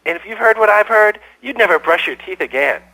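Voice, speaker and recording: A paranoid, combative conspiracy caller. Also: male voice, high-pitched, lively intonation, fairly quick, creaky, sharp tone, exaggerated voice, poor audio.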